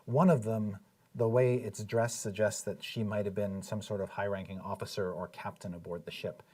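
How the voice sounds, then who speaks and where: A man narrating scenes as dungeon master of a live tabletop game, in a measured, descriptive way with frequent fillers. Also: lowish voice, little pitch movement, mellow, husky, no room sound, recorded from a distance.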